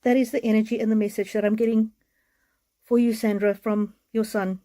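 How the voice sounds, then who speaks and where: A woman giving a live oracle card reading, speaking in a gentle, heartfelt way, repeating her words and sounding tearful. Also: fairly high pitch, little pitch movement, a little fast.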